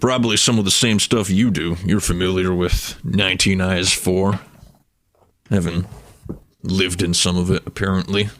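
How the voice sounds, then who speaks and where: A man's voice: low voice, steady tone, moderate pace, a bit bright. A man playing a tabletop game, talking in a casual way with stammering restarts. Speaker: player. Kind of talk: tabletop role-play.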